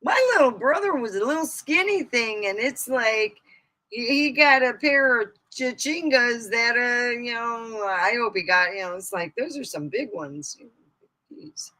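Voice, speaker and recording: A middle-aged woman chatting casually on a live stream, rambling through funny stories and laughing loudly at her own punchlines. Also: on the high side, animated, a little slow, rough recording. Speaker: comedy streamer.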